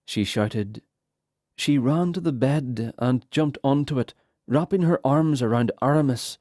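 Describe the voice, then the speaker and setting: Brief: mellow male narrator, slow and steady, dry close sound. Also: medium pitch, no room sound. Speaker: audiobook narrator. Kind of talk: scripted fantasy narration.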